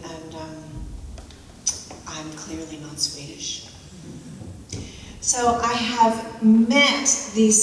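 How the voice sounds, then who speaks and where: Woman telling stories in an echoey hall. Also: fairly low pitch. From United States. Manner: reflective, halting, repeats key phrases. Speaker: speaker at a forum. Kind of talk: storytelling public talk. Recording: echoey hall, mic from far off, background noise.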